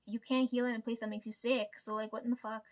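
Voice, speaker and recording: A woman's voice: on the high side, flat delivery, fast talker, darkish tone. A young woman from Canada, venting in a casual monologue, blunt and swearing a lot, tagging sentences with "right?". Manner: blunt, heavy swearing, constant "right?" tags. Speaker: vlogger.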